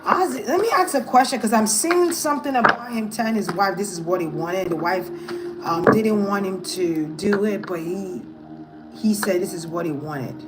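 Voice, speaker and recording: A woman of middle pitch talks through a tarot reading, trailing off and hedging as she thinks aloud. Music plays clearly behind her voice throughout. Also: moderate pace, rough recording. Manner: hesitant, musing, thinks aloud. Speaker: tarot reader. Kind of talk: casual tarot reading monologue.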